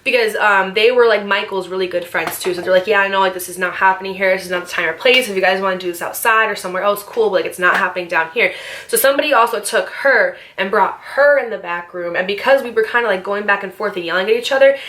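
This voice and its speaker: A young woman vlogger casually telling a storytime, animated and swearing as she acts out the other people in it. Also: mid-range voice, quick pace, slight background noise.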